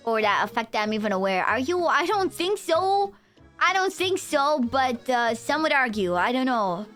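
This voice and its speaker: A young woman with a Romanian accent chats with her stream in a playful, rambling, teasing way. Her voice sits a little higher than most women's. Soft music plays quietly underneath. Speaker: VTuber streamer. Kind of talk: casual live-stream chat with viewers.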